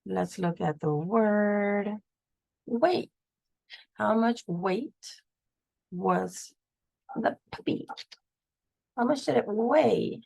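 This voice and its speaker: Woman, phonics teacher, very slow, gravelly edge, dry close sound. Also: medium pitch, a little mellow, no room sound, poor audio. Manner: patient, sounds out words slowly. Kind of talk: slow spelling lesson.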